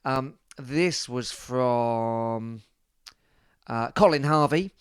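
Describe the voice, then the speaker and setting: A man's voice: medium pitch, very slow, smooth, no room sound. Jokey male podcast co-host, dry sound. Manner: jokey, playful banter. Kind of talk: casual chat.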